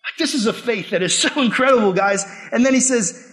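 A young man preaching a sermon to a youth group, swinging between loud emphatic bursts and quiet asides. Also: very high-pitched, brisk. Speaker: youth pastor.

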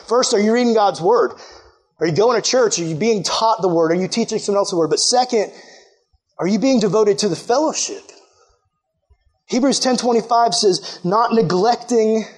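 A young man preaching a sermon as a youth pastor, energetic and excitable, acting out quoted voices as he goes. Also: high-pitched.

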